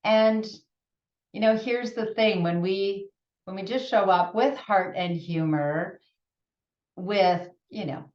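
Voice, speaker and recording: Woman podcast host from Canada, gentle and earnest, unhurried; distant, dull lo-fi recording with room echo. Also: medium pitch. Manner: gentle, earnest, laughs often, many restarts. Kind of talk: reflective solo talk. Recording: roomy, distant, dull lo-fi sound.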